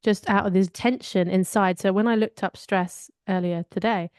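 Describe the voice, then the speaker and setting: A woman's voice: mid-range voice, fairly even intonation, moderate pace, darkish tone, clear, resonant tone, dry recording. Candid woman co-host, dry close sound. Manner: reflective, candid storytelling. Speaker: podcast co-host. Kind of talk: casual conversational chat.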